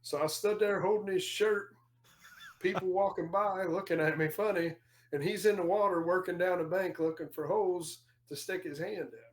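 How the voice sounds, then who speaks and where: A man's voice: sits high, fairly even intonation, normal speed. A man telling stories in casual podcast chat, rambling with many fillers and restarts.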